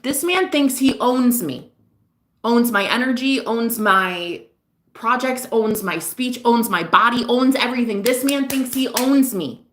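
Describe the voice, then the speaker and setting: A woman's voice: on the high side, a little slow, fairly bright tone. Rambling, sleepless woman vlogger venting late at night. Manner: rambling, candid, swears freely. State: sad and sleepless. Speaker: vlogger and psychic reader. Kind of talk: confessional late-night vlog.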